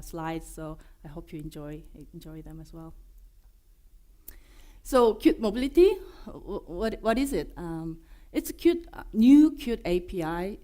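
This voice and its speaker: A woman with a Korean accent presenting at a developer conference, her voice hoarse from being unwell, joking and filling pauses with many fillers and restarts. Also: on the low side, dark tone. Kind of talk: conference talk. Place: conference room.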